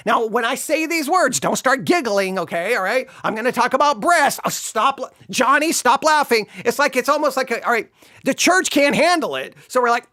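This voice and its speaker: A man giving a sarcastic, exasperated commentary while reviewing a sermon, shifting between slow explanation and animated disbelief. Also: very high voice, no room sound, clean studio sound. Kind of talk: video commentary.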